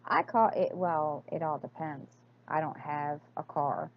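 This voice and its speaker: Woman vlogger, slow and hesitant delivery, muffled home recording. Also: deep voice, expressive. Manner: hesitant, many fillers and restarts. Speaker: crafting vlogger. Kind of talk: casual accent-tag chat.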